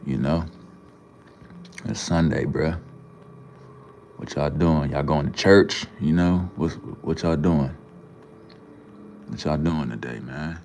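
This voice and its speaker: Very deep-voiced laid-back man. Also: takes it slowly, pauses often, warm tone, slight background noise. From Minnesota, USA. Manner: laid-back, slangy, greets chatters by name. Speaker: livestream host. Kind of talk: casual livestream chat with viewers.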